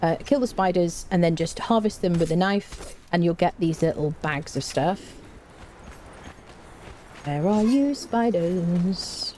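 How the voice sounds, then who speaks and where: A woman's voice: fairly low pitch, moderate pace, a little mellow, a little hiss or hum. A woman streaming a game, giving chatty live commentary, talking to her chat and humming to herself as she plays.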